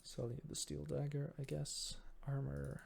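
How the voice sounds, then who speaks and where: A Norwegian man whose first language is Norwegian murmurs his thoughts aloud while playing a game, musing in a self-deprecating way as casual commentary. His voice is on the high side with little pitch movement, measured in pace, gravelly, a little mellow and husky.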